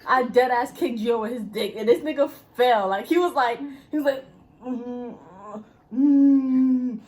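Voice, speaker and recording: A woman's voice: fairly high pitch, fairly quick. A young woman casually telling a school story, blunt and profane, acting out the people in it.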